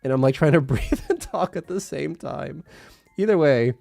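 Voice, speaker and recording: A man's voice: fairly high pitch, lively intonation, gravelly, dark tone, no room sound, soft background music. Chatty young man with congested nose. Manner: laughs often, mixes in halting Japanese. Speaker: streamer. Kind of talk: casual live-stream chat.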